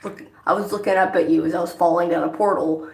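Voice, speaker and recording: Bitter young man swearing at his dad, as a woman puts him on, low and gravelly in an echoey room. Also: steady tone, fast, lightly acted. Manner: angry, accusing, swearing.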